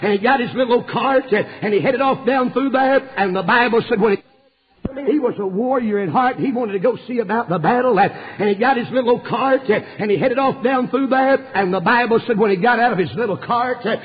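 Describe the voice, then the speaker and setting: A preacher delivers a fervent storytelling sermon, dropping "uh" between his phrases. His man's voice sits very high and sounds rough and raspy. It comes through a muffled, dull recording with a long hall reverb. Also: brisk. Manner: impassioned storytelling preaching with frequent "uh" fillers.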